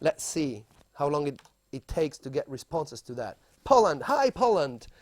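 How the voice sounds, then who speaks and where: A man's voice: fairly high pitch, sing-song, moderate pace, darkish tone. A man, a music producer hosting a casual live stream, playfully chatting and greeting viewers by name. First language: Italian. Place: home room in London.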